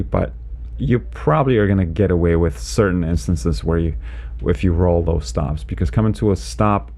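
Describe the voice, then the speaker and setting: Low gravelly-voiced male driving instructor. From Canada. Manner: relaxed, chatty, lots of "you know" and "right?". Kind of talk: casual instructional commentary while driving. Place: inside a car, driving in snow.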